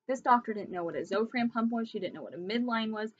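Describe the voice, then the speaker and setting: A woman's voice: a little high, lively intonation, quick pace, dull audio. Earnest, pleading young woman vlogging. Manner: pleading, emphatic, emotional. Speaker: vlogger sharing pregnancy illness resources. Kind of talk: earnest direct-to-camera vlog talk.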